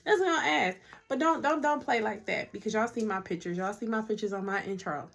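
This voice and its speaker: A woman's voice: on the high side, quick pace, creaky, a bit bright, a little hiss or hum. Young woman, chatty faith vlog to a phone camera at home, emotional at times. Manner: chatty and heartfelt, addresses viewers as y'all. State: emotional, near tears at times. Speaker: vlogger. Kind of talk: casual faith testimony to camera.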